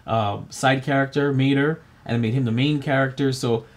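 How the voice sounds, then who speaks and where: A man's voice: mid-range voice, steady tone. Playful male podcast co-host. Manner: playful, quick storytelling. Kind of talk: casual podcast chat.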